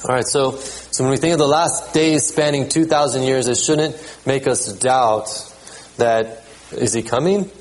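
A man preaching a sermon in a conversational way, often repeating words and checking in with the congregation, and reading scripture aloud at a measured pace. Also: mid-range voice, rough recording. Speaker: pastor.

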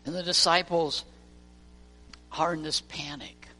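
Male pastor, storytelling sermon, bright tense tone, faint music behind. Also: a little high, expressive, a little slow, creaky. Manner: storytelling preacher, acts out voices. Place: church. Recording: long reverb of a church hall, faint music.

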